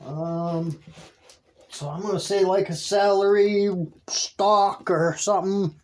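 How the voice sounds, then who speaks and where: A man talks his way through a home worm-bin check in an unhurried, easygoing drawl. His voice is mellow and dark, and his sentences stumble and restart. He is easily delighted and lets out small laughs along the way. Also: high voice, fairly even intonation. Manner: rambling and halting, with frequent restarts. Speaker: worm-composting vlogger. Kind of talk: casual vlog narration.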